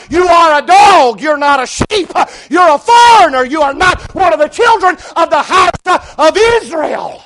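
A man preaching who voices a stern male prophet rebuking a deceitful woman, shouting his rebukes. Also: on the high side.

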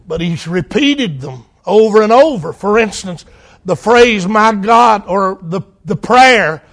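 Middle-aged male preacher, high voice, slow unhurried delivery, fervent sermon that rises to cries and drops to a hush. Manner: impassioned, swings between crying out and hushed.

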